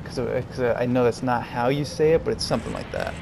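A man talks through a video game session in a loose, rambling way, full of fillers and asides. His voice sits at an ordinary pitch. A steady noise hangs behind the recording. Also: fast, vocal fry. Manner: rambling, easygoing, many fillers. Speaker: gaming channel host. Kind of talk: casual let's-play commentary.

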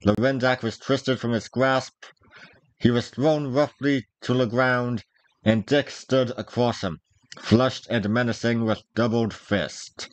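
Man, storybook narrator, measured old-fashioned prose, mid-pitched voice, dry close sound. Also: steady tone, dry recording, poor audio. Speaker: story reader, vtuber. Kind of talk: storybook read-aloud narration.

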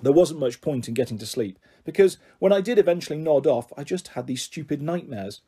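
A man narrating a children's book aloud in the first person, with lively, expressive storytelling. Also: a little high, fairly quick, husky.

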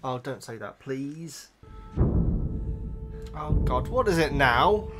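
A man hosting a film reaction, talking to the screen and cheering excitedly. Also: medium pitch, takes it slowly, loud music behind the voice. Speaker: reaction video host.

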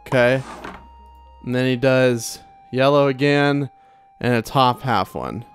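Young male let's-play host, chatty and self-interrupting, soft music under him. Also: mid-range voice, fairly even intonation, a little slow. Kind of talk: casual gameplay commentary. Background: soft game music.

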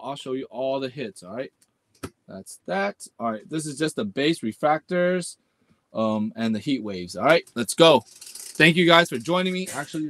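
Hosting a live sports card break stream, a man with a voice on the high side talks in slangy bursts, repeating "man" and "let's go." He groans and shouts at the pulls and rattles off the hits in a list.

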